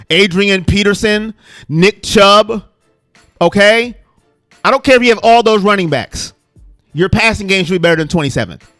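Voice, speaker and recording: A man's voice: high voice, a bit bright, no echo. A man hosting a live fan show for a sports team, talking emphatically, repeating his points and reading out viewer comments.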